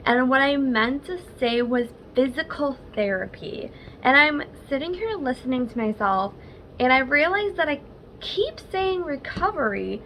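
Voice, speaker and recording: A woman's voice: sits high, animated, unhurried, fairly bright tone, a little hiss or hum. A young woman chatting casually in a personal vlog update, rambling with filler words. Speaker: vlogger.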